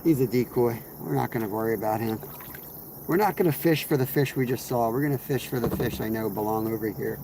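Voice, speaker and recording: Outdoors with insects and crickets chirping, a man fishes on a livestream and rambles while answering chat. His voice is mid-range, and he speaks a little fast.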